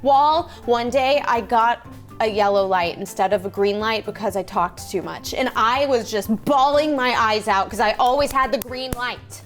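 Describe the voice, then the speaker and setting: A woman's voice: a little high, normal speed, faint music behind. A young woman hosting a reaction video, chatting casually and reminiscing, easily amazed by what she sees.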